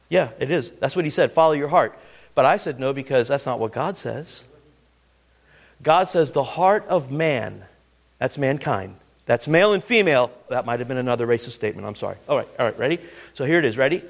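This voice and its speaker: A middle-aged man preaching a sermon, keeps prompting listeners with "listen" and "ready?", swinging dramatically between booming lines and hushed asides. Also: animated, fairly quick, gravelly.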